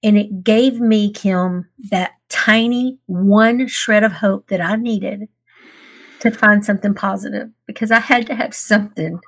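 A woman's voice: mid-range voice, fairly even intonation, a little slow, creaky. A woman, a guest telling her story in an interview, earnest and emotional, laughing through tears.

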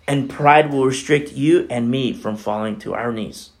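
A man preaching a sermon as pastor, animated and conversational, swinging between loud and hushed. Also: medium pitch, unhurried, gravelly. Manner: conversational, with many fillers like "you know" and "like".

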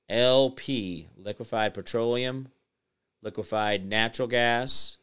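Man, host, casual commentary, rambling, direct address, lowish pitch, smooth clear voice. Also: normal speed, fairly bright tone. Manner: rambling, talks to his audience directly.

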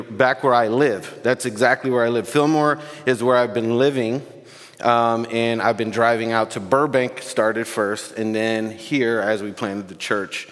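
A man's voice: fairly low pitch, steady tone, unhurried. A man preaching as a guest speaker, with casual, joking, emotional church talk. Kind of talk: sermon. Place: church sanctuary. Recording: long hall reverb.

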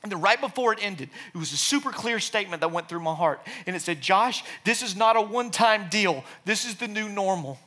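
A man with a slightly high, bright, forceful voice tells a personal testimony. He speaks earnestly and with feeling, sometimes falling to a hushed near-whisper and often restarting his sentences. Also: lively intonation, a little fast, hardly any pauses. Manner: earnest, emotional storytelling with restarts; hushed, soft-spoken in quiet passages.

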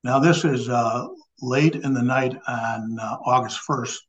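Here the same Illinois guest, a Navy veteran and ex-law enforcement official in his seventies, speaks at a measured pace in a mid-range voice with the highs cut off. His podcast storytelling wanders through a long anecdote, restarting often.

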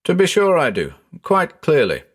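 A man voicing a polite, reserved gentleman researcher who speaks precisely, in a storybook reading. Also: fairly high pitch, huge pitch swings, moderate pace, slightly rough, voice pushed up, exaggerated voice. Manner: courteous and precise.

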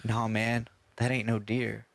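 A man imitating an excited young male moviegoer who swears and blurts out what is happening on screen. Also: lowish voice, unhurried, gravelly, dry recording. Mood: insistent. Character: loud excited young male moviegoer talking over a film.

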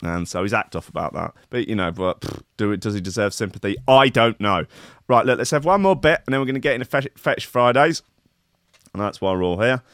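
A man's voice: lowish voice, lively intonation, quick pace, fairly bright tone, dry recording, studio quality. A man hosting a comic show, riffing on odd news stories in a rambling, sardonic, sweary way. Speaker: host. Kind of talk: comic commentary on news clips.

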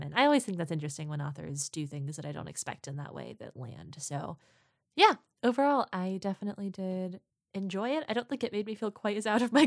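A woman's voice: on the low side, no echo, studio quality. A woman co-hosting a podcast, chatting casually with many fillers and frequent laughs. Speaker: podcast co-host. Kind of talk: casual chat.

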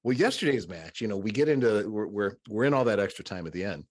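A man's voice: on the low side, lively intonation, fast. A man hosting a podcast, chatting casually about watching football, rambling and repeating words, with fillers like "right" and "you know". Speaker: podcast host. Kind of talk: casual chat.

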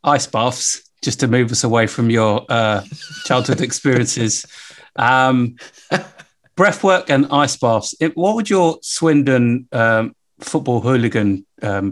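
A man hosting a podcast, relaxed and hesitant, with many fillers. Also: medium pitch, slow pace. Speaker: podcast host. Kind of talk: casual chat.

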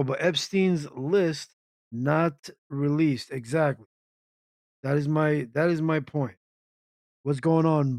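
In clean, echo-free studio sound, a man with a high-leaning, slightly mellow voice hosts an internet radio show. He gives casual live commentary as he reacts to chat, ranting, going over the same points, and firing off rhetorical questions.

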